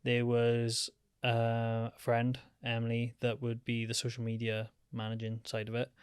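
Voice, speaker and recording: A man's voice: mid-range voice, completely flat delivery, unhurried, clean tone, no room sound, studio quality. A young man chatting casually as a podcast guest, rambling with lots of fillers. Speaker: podcast guest, freelance photographer. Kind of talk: casual chat.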